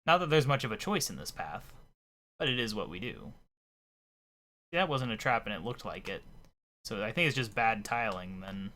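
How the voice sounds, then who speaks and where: A man giving casual, thinking-aloud commentary as he plays a game, his voice a little hoarse. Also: fairly low pitch, moderate pace, pauses often. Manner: relaxed, thinking aloud while playing. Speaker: let's play commentator.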